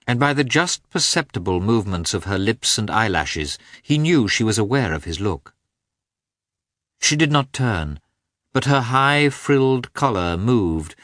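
A man reading a classic novel aloud as an audiobook narrator, in a measured, even manner. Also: on the low side, no echo, clean studio sound.

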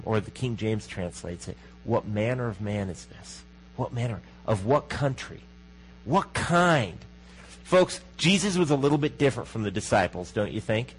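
A man preaching a sermon as pastor, in a conversational manner, often asking the congregation questions and dropping to a hushed voice for emphasis. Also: mid-range voice, very animated, normal speed, slight background noise, rough recording.

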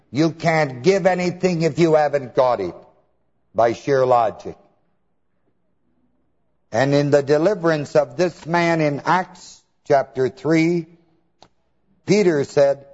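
Preaching in a slightly high, darkish voice, a man invites the congregation to call out missing words and spells terms out letter by letter. The dull lo-fi audio carries a long hall reverb.

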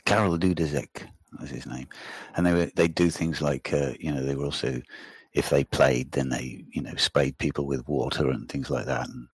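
A man chatting casually, telling rambling, animated stories and swearing freely. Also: extremely low pitch, moderate pace, slightly rough, dry recording, studio quality. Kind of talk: casual chat.

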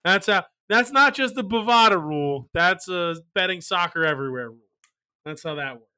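Male podcast host, high and bright voice, wry ranting banter. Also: expressive, moderate pace, smooth. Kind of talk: casual sports betting podcast chat.

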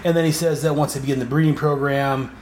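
A man's voice: a little high, fairly even intonation, fast talker. Podcast guy rambling through a comic recap, echoey room, bit of hum behind. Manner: rambling, with fillers and restarts. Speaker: podcast host. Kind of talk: casual comic book recap. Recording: echoey room, faint ambience.

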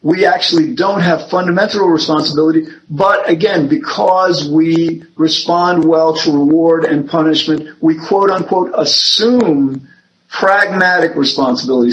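Hesitant man explaining, lo-fi sound. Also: fairly high pitch. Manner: explains with many fillers, hesitant restarts. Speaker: host. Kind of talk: casual explanatory discussion. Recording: dull lo-fi with faint noise.

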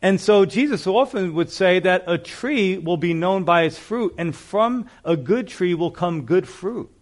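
A man's voice: high-pitched, animated, a little slow. A male pastor preaching a sermon in a conversational, storytelling way, with frequent asides to the congregation.

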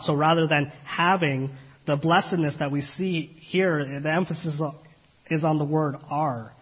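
A man preaching a sermon in an earnest, measured way, asking the listeners questions and pausing often on fillers. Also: a little high, a bit bright, breathy edge. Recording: dull lo-fi recording.

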